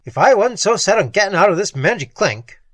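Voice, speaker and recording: A narrator voicing Spike, a gruff, blustering male convict with a rough, sneering manner. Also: mid-range voice, very animated, a little fast, a bit bright, no echo, voice pushed up.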